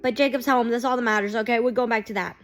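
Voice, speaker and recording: A woman with a high voice reacts to a TV episode. She talks in an excitable, gushing rush of exclamations. Faint music plays in the background. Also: fast. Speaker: TV reaction vlogger.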